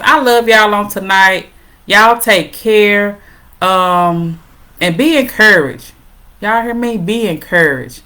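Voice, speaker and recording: A middle-aged woman talks straight to her viewers as the host of a parenting show. Her voice sits a little low, and her delivery is casual, heartfelt and encouraging. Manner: warm encouraging, addresses viewers as "y'all".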